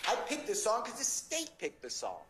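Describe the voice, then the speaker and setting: A man's voice: high voice, wildly swooping pitch, moderate pace, fairly bright tone. Impassioned male attorney in echoey courtroom. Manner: impassioned, insistent, pleading. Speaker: defense attorney. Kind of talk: courtroom argument to the judge. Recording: echoey courtroom with faint ambience.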